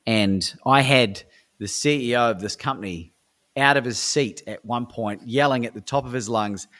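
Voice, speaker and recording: A man's voice: medium pitch, normal speed, a bit bright. An Australian man, a speaker and coach, telling stories in a podcast interview in an enthusiastic, motivational way. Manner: enthusiastic, motivational, with frequent fillers like "right?". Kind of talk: animated storytelling in a podcast interview.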